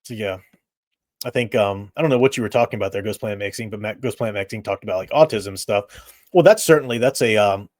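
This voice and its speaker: A man's voice: on the low side, fast talker, a little mellow, no room sound, studio quality. A middle-aged man hosting a live stream, giving his blunt opinions in casual chat and laughing at his own remarks.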